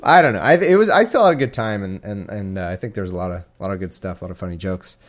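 A man's voice: low-pitched, lively intonation, fast. A young man hosting a casual home podcast, rambling and self-deprecating, with frequent restarts and asides. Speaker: podcast host. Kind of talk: casual chat and scripture reading. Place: home living room with a cat.

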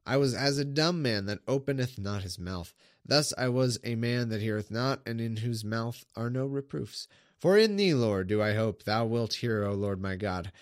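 A man's voice: medium pitch, lively intonation, normal speed, no room sound, clean studio sound. A man reads old scripture aloud in a casual way and breaks off into irreverent, sarcastic remarks. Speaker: Bible reader. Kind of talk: casual reading aloud with commentary.

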